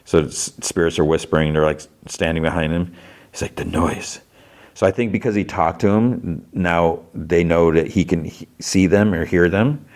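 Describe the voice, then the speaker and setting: A man with a low voice recaps a show in a relaxed, chatty way, full of fillers and restarts. When he quotes characters, he jumps up into a raised, put-on voice. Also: normal speed. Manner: retells scenes, acting out quotes in a raised voice; loose delivery with frequent fillers. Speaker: podcast host. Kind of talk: casual plot recap.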